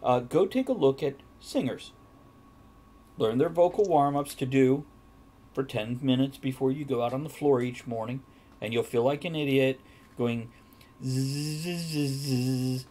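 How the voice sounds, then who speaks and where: A man's voice: mid-range voice, measured pace, dark tone. Direct man giving practical advice. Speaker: host. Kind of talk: casual chat.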